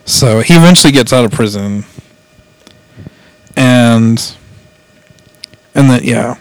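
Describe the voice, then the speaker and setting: A man talks through a show's plot in a loose, rambling way, laughing often and slipping into quick voices for the characters. His voice sits at an ordinary pitch. The sound is dry and close, with no room echo. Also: expressive. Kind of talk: casual chat retelling an anime plot.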